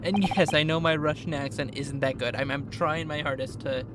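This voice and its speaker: A man's voice: on the high side, fairly even intonation, moderate pace, background noise. A man streaming a game, chatting casually and joking about his own accent. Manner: chatty, self-deprecating. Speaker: gaming streamer. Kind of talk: casual let's-play commentary. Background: loud game music.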